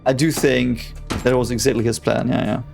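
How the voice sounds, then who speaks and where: A young man gives casual, excitable reaction commentary, swearing as he talks over a show. His voice is gravelly and sits at a middle pitch. Faint music plays behind him. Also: moderate pace. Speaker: reaction video host.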